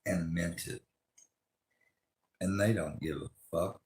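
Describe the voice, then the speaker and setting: Deep-voiced man ranting profanely. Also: slow pace, a little mellow, roomy sound. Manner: angry, profane, rambling rant. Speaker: livestreamer. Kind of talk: ranting livestream monologue.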